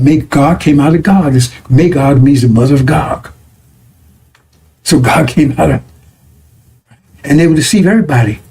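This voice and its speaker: A man's voice: fairly high pitch, warm tone. A man preaching a broadcast sermon in a conversational teaching manner, often stopping to check with listeners. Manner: conversational, repeats 'right?' and 'see?' to check listeners.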